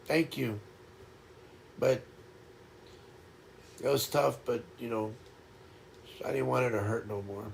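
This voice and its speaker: An older man hosting a casual livestream chat, talking in a reflective, halting way and often repeating words as he starts over. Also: mid-range voice, creaky, slight background noise. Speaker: livestream host.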